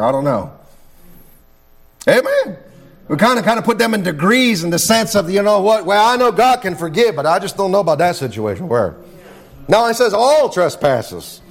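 A man preaching a fervent sermon, praying and repeatedly crying amen. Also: high voice. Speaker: pastor.

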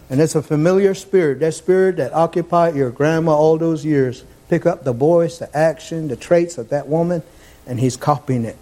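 A man preaching a fervent sermon, repeating his phrases and climbing toward near-shouts. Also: a little high, normal speed.

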